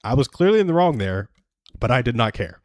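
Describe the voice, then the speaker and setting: A man's voice: mid-range voice, very animated, a little fast, no echo, studio quality. A young adult man hosting a live stream, giving earnest, self-deprecating advice through personal stories in a casual chat.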